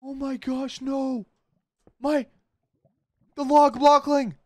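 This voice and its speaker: A young man hosting a Minecraft let's-play, excitable, gasping and shouting at surprises. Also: very high-pitched, slow pace, no echo. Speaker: gaming YouTuber host. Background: faint background music.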